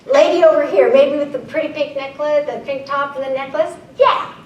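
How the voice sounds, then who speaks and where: A woman's voice: high voice, a little fast, distant mic, lo-fi sound. A woman keynote speaker presenting live to an audience, playful and often asking the room questions. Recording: echoey room, voice a little off-mic.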